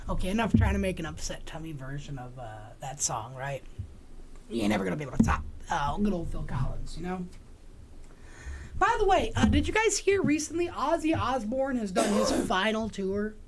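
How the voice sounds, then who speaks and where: A woman's voice: mid-range voice, big pitch swings, normal speed, heavy background noise. A woman hosting a livestream, chatting in a rambling, joking, profane way. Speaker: livestream host. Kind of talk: casual rambling chat.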